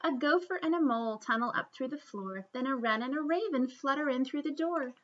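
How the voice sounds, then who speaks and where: A woman storyteller reading a children's picture book aloud in an expressive, sing-song way. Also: sits high, a little fast, lo-fi sound.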